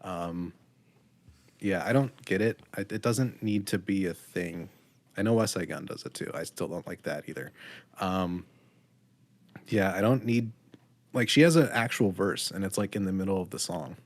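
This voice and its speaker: A man's voice: low-pitched, normal speed. A man co-hosting a podcast, giving a blunt, critical album review in casual chat with frequent ums. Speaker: podcast co-host.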